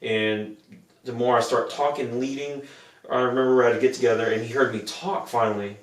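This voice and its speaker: A man's voice: mid-range voice, fairly even intonation, fairly quick, far from the mic. Earnest man telling stories in a roomy room. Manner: earnest, rambling, acts out quoted voices. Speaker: podcast co-host. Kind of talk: casual storytelling chat. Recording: roomy, from off the mic.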